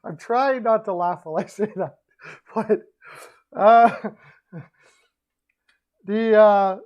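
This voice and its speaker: A man hosts a casual hockey livestream, ranting about hockey and sports betting in a rambling, opinionated way and often restarting and correcting his sentences. His voice sits high and he takes it slowly with frequent pauses, while the recording has its highs cut off.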